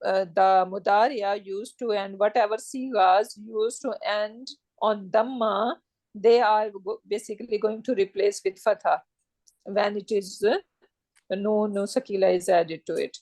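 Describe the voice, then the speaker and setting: A woman's voice: mid-range voice, fairly even intonation, measured pace, darkish tone, no echo. A woman teaching an Arabic grammar class, explaining step by step and checking with her students. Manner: patient, checks understanding with "right?".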